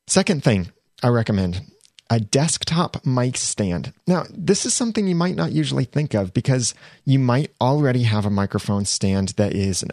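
Host type: man, lowish voice, casual gear explainer, dry close sound. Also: a little mellow, no echo. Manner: chatty, self-correcting, slows down to stress items. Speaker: podcast host reviewing gear.

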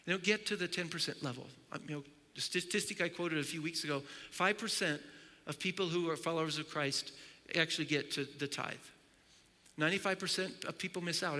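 A man preaching a sermon as pastor, telling stories with animated acted-out dialogue. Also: sits high, long reverb tail.

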